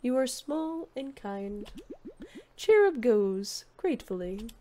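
A woman voicing a solemn, humble male forest creature in a game, speaking slowly and formally of himself. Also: on the high side, big pitch swings. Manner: slow, hushed, formal third-person speech. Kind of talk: reading game dialogue aloud in a voice.

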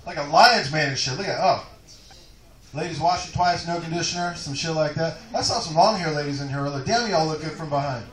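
A man doing a stand-up comedy set in a comedy club, loud, profane and rambling. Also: fairly high pitch, a little fast, far from the mic, a little hiss or hum. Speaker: stand-up comic. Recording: echoey club room, mic from afar.

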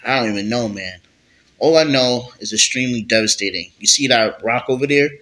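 A man's voice: mid-range voice, brisk, pushed and bright, lightly acted, rough recording. A man voicing a confident young male hero with alien powers, in a loose, offhand way. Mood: boastful.

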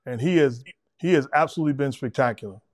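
A middle-aged man hosting a sports talk show, giving measured, emphatic basketball analysis. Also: medium pitch. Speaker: host.

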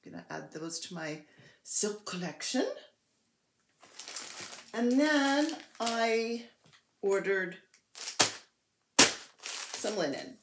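A woman chatting casually as a cross-stitch vlogger, excitable and playful as she gushes over her purchases. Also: medium pitch, drawn-out words, pauses often, slight background noise. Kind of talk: casual show-and-tell chat. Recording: roomy echo.

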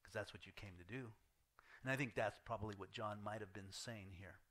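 A man's voice: on the low side, fairly quick, a bit bright. A man preaching a verse-by-verse sermon in conversational style, acting out quoted lines with a rising voice and dropping almost to a whisper at the end of a point. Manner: fillers and restarts, conversational preaching. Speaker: pastor. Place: church sanctuary.

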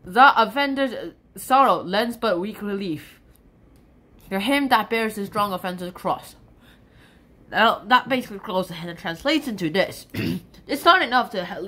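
A woman casually explaining a poem in an animated, chatty way, with stumbles and restarts. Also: mid-range voice. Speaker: sonnet explainer. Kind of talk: casual explanation mixed with poetry recitation.

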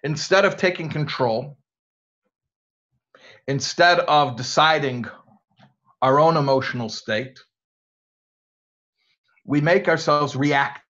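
A rabbi with an American accent gives a conversational lecture to students, drawing them in with rhetorical questions, in a slightly muffled recording. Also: male voice, on the high side, slow, long pauses, a bit bright. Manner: engaging, asks rhetorical questions.

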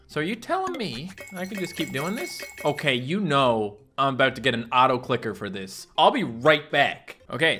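A man giving casual, jokey commentary while playing a video game, swinging between low mumbles and loud excited yelps. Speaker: gaming YouTuber. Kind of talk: casual let's-play commentary. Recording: faint game music behind.

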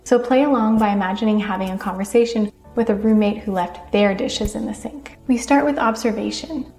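Woman, higher voice, measured lesson narration, roomy sound with soft music under it. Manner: calm, measured, acts out short example phrases. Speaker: teacher of communication skills. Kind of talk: scripted explanatory narration. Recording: echoey room with faint music behind.

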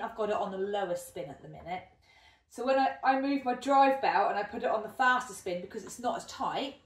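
A woman chatting casually in a craft vlog while she works, self-deprecating and thinking aloud. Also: mid-range voice. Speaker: hobby spinner vlogger. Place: indoor room at a spinning wheel. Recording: echoey room from a distant mic.

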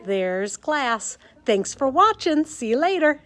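A woman's voice: sits high, very animated, slow pace, fairly bright tone. A woman with a Midwestern American accent, a quilting teacher chatting casually as she walks viewers through a classroom show of quilts. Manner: chatty, enthusiastic, talks to viewers while filming. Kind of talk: casual show-and-tell walkthrough. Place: sewing center classroom.

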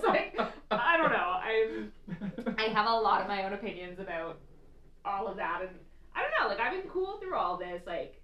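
A woman's voice: on the high side, lively intonation, moderate pace, fairly bright tone, lo-fi sound. A woman in casual conversation, telling stories with lots of laughter and "like". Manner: chatty, laughing storyteller, lots of "like". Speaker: co-host. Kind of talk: casual chat. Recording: roomy sound from a distant mic.

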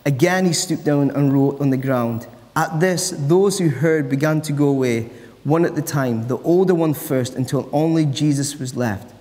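A man's voice: fairly high pitch, normal speed, a little mellow. A man preaching a sermon as pastor, earnest and repeating phrases for emphasis. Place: church. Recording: long church reverb.

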